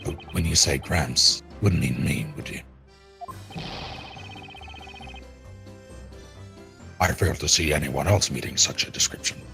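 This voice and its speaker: Brief: a man reading a stern old prosecutor, very deep and gravelly, stiff and formal. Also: moderate pace, over music. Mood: haughty. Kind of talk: fan voice acting over a game.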